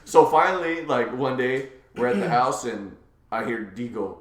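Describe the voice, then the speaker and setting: A man hosting a podcast, telling a family story in a casual, animated way and laughing often. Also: medium pitch, normal speed, roomy sound. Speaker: podcast host.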